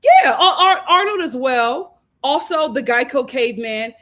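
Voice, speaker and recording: Chatty woman host doing a show recap, kinda high voice, acts out quotes and laughs a lot. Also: animated, normal speed, bright, forceful tone. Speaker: host reviewing a reality show. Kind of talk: casual live show recap.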